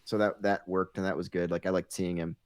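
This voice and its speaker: A man's voice: low voice, little pitch movement, brisk, darkish tone, no echo. A man hosting a podcast in casual chat, a bit hesitant, steering the discussion to the next question.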